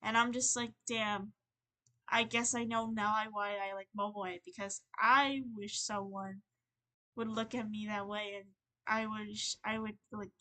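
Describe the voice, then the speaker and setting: A young woman on a livestream, venting in a rambling, halting, earnest way, full of fillers and restarts. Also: mid-range voice, flat delivery, bright, forceful tone. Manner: earnest and emotional. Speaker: streamer.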